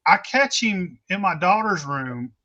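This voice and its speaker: A man's voice: high voice, sing-song, measured pace, bright, forceful tone. A man telling a long personal story in casual, blunt, heavily cursing talk, with rambling restarts. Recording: dull lo-fi recording.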